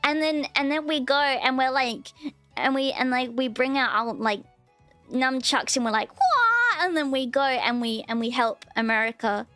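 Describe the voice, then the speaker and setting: High-voiced chatty Australian woman streamer. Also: fairly even intonation, normal speed, fairly bright tone, dry recording, faint music behind. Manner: chatty and rambling, lots of restarts. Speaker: VTuber streamer. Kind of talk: casual livestream chat.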